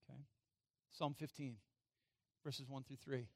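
A man preaching a sermon in a church, chatting with the congregation and asking them questions, getting louder for emphasis and going quiet and low to read scripture. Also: little pitch movement, unhurried, gravelly, no room sound, studio quality. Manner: conversational, self-deprecating, asks the congregation questions. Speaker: pastor. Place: church sanctuary.

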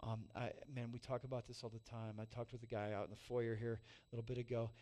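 A pastor in his forties preaching a sermon, telling a self-mocking personal story with loud peaks and soft, emotional drops. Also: medium pitch, little pitch movement, fast.

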